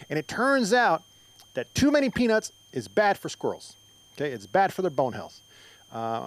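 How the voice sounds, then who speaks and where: A man's voice: mid-range voice, rough recording. A middle-aged man from Mexico doing a stand-up comedy set on a club stage, rambling through stories with lots of fillers and restarts. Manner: rambling, filler-heavy storytelling with frequent restarts.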